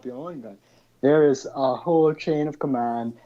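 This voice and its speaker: A man with a mellow, dark voice argues his point in a played clip, at times stopping to restart a phrase. The audio is dull and lo-fi. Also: mid-range voice, normal speed.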